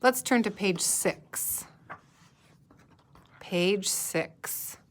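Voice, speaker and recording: A woman teacher leading a guided-reading lesson, patiently sounding out words and pausing for young students to answer. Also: mid-range voice.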